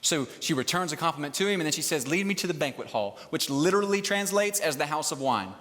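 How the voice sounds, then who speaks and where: A man's voice: a little high, lively intonation, quick pace, fairly bright tone. Joking male preacher in a reverberant hall. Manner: chatty and joking, keeps checking in with "okay?". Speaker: pastor. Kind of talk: casual conversational sermon. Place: large hall, live service.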